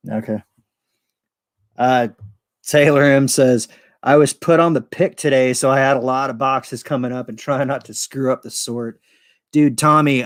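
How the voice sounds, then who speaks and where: A man's voice: medium pitch, no room sound, clean studio sound. An American man hosting a podcast stream, chatting casually in a profane, rambling way with frequent laughs. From United States. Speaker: podcast host. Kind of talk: casual livestream chat.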